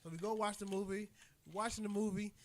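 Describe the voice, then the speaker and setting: A man in his thirties co-hosting a casual podcast, telling stories in an animated, profane way. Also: high voice, a little fast. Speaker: podcast co-host.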